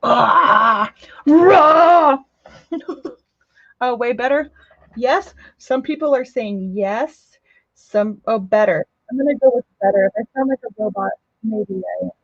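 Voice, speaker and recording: A woman's voice: a little high, measured pace, darkish tone, no room sound. A chatty woman hosts a casual craft live stream from home. She reads viewer comments aloud and laughs easily. Her voice comes through a dull home mic in a dry, close space. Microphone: home microphone.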